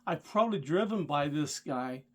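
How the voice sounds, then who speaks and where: A man's voice: on the high side, expressive, moderate pace, a bit bright. Indignant man telling a driving story. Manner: indignant, worked up, talks straight to the viewer. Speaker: rideshare driver and channel host. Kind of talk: casual storytelling vlog.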